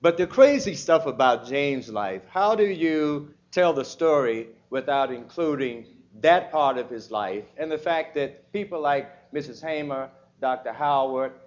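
A man from Mississippi asking a long, eager, rambling question from the audience. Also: medium pitch. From Mississippi, USA. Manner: eager, rambling, name-dropping. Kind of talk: audience question at a public talk. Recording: dull lo-fi event recording.

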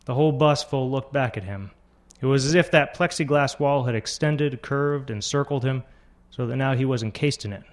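A man narrating literary fiction in a steady, measured reading voice. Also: mid-range voice.

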